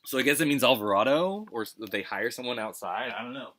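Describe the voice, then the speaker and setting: A man's voice: mid-range voice, lively intonation, fast talker, bright, forceful tone. A man streaming retro gameplay live, rambling in casual chat and swearing freely. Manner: rambling, swears, lots of restarts. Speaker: gaming streamer.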